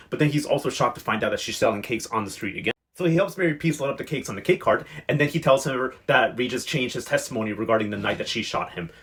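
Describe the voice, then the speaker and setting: A man's voice: medium pitch, fairly bright tone. A young man giving a chatty, sassy, slang-filled recap of soap episodes. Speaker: recap vlogger.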